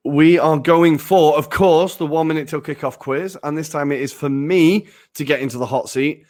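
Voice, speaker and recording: A man co-hosting a casual podcast, self-deprecating and quick to laugh, swearing casually. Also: a little high, a little mellow. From Britain. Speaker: podcast co-host.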